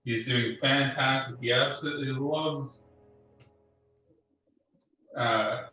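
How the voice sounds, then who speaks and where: A man's voice: medium pitch, steady tone, takes it slowly, pushed and bright, soft background music. Man, tabletop player, easygoing, echoey room, distant muffled mic. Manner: easygoing, laughs often. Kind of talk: casual tabletop game chat.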